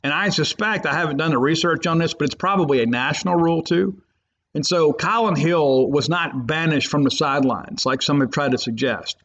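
Man, sports podcast host, emphatic, rambling, slightly high voice, dull lo-fi recording. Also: brisk, a bit bright. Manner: emphatic, rambling, fan loyalist. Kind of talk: opinionated sports talk. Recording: muffled lo-fi podcast audio.

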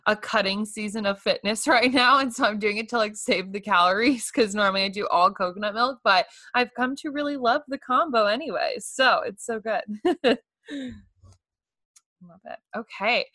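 Bright upbeat young woman host. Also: mid-range voice, normal speed, no echo. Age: young adult. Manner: upbeat, laughs often. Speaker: podcast host. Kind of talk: casual interview chat.

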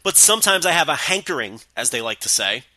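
A man co-hosting a podcast, talking casually in a relaxed way with plenty of restarts. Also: a little high, fast talker, dry recording. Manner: relaxed, many restarts and you-knows. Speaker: podcast co-host. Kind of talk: casual chat.

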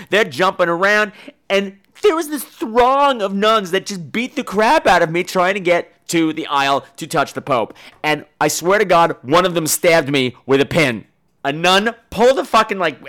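Profane ranting man, lively pitch. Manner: profane, sarcastic, ranting, breaks into silly put-on voices. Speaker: podcast host. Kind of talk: comedic monologue.

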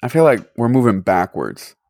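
A young man chatting on a podcast, storytelling with a profane, animated edge. His voice sits at an ordinary pitch. The recording is close and dry. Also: moderate pace, no room sound. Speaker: podcast host. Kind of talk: casual chat.

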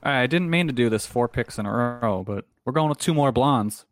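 A man on a casual podcast over a voice call, upbeat and brisk. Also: mid-range voice, expressive. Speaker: podcast panelist.

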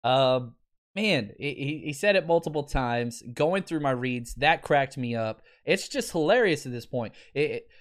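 A man's voice: mid-range voice, expressive, unhurried. A man in his thirties hosting a casual sports podcast, wry and exasperated, laughing often as he talks. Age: 30s.

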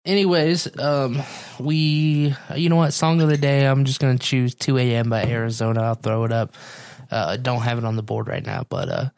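A man's voice: medium pitch, lively intonation, normal speed, darkish tone, clean tone. A man in a mid-range voice hosts a podcast in a loose, casual way. He swears freely and fills his sentences with "uh" and "um" as he wraps up. His tone stays offhand and unpolished. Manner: loose, swearing, filler-heavy sign-off. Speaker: podcast host. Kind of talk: casual chat.

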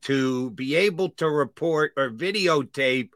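A man's voice: medium pitch, measured pace, fairly bright tone, no room sound, clean studio sound. A man co-hosting a sports talk show, asking probing, skeptical questions.

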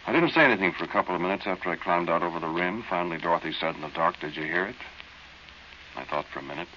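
A man's voice: low-pitched, racing, sharp tone. A man narrating as a young man recalling an eerie night adventure, plain-spoken storytelling in 1940s radio acting style. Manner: plain-spoken storytelling, drops to tense murmurs. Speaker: narrator and lead character. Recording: dull old radio recording with faint hiss.

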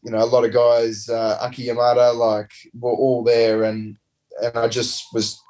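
A man's voice: mid-range voice, moderate pace, rough recording. Laid-back Australian man telling stories. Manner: rambling, relaxed, slangy anecdotes. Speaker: interview guest, former rugby player. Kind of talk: casual storytelling.

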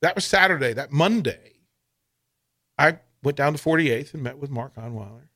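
A man's voice: medium pitch, expressive, normal speed, pushed and bright. A man hosting a sports radio show, telling a story in a casual chat, laughing often and using casual slang as he acts out quotes.

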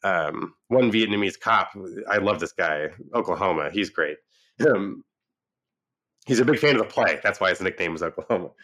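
A man casually reviewing a movie, retelling the plot with lively acted-out quotes and frequent restarts. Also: low voice, normal speed. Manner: animated retelling, acts out quoted lines. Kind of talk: casual film review chat.

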